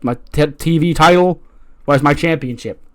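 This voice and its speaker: A man's voice: fairly high pitch, moderate pace, a bit bright, voice pushed up, close to an everyday voice. A man voicing a whiny, entitled male pro wrestler who petulantly demands his titles. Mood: demanding.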